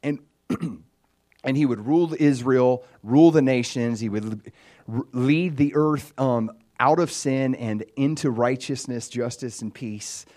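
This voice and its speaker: Man teaching scripture in a relaxed, chatty way. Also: medium pitch, a little slow. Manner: conversational, animated retelling with filler words. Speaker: Bible teacher. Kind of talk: casual Bible teaching.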